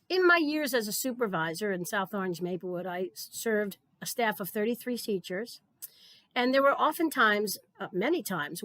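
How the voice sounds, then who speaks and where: A middle-aged woman with a medium-pitched voice delivers an earnest conference keynote, recorded dry. As the keynote speaker, she tells stories and often repeats words when beginning a thought.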